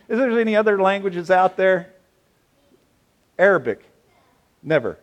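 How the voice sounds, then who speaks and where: Male pastor, high and lively voice, unhurried sermon delivery with playful audience back-and-forth. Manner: animated, playful, asks the audience questions. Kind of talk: sermon with congregation interplay.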